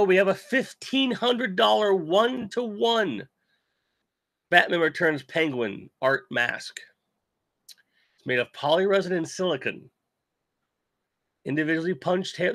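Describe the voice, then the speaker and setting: A man's voice: fairly high pitch, measured pace, creaky, pauses often, fairly bright tone, dry recording, clean studio sound. A man hosting a casual toy-collecting live stream, with a sick voice while he recovers from covid, rambling and joking as he reads chat. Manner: rambling, self-deprecating, reads chat aloud. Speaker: toy channel host.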